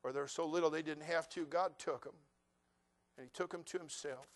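A male pastor preaching a sermon, animated and humorous, acting out voices of people in his congregation. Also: on the high side, brisk.

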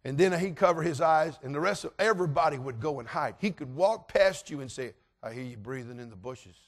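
A middle-aged man preaching, telling a story and acting out voices with animated delivery. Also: fairly high pitch. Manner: animated, acts out voices in anecdotes. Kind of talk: sermon storytelling.

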